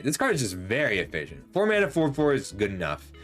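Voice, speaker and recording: Reviewing a card set for his show, this host speaks quickly in a mid-range, lively, up-and-down voice that's a little worn, as he's starting to lose it. He's chatty and analytic, dropping ums and correcting his phrasing as he goes, over faint background music.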